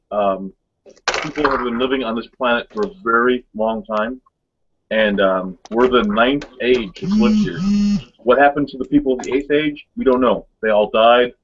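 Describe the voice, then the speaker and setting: A man's voice: mid-range voice, lively intonation, normal speed, a little hiss or hum. A man co-hosting a casual webcast chat, rambling through stories with many fillers and frequent laughs. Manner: rambling storyteller, laughs often. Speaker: co-host. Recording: dull lo-fi webcast audio.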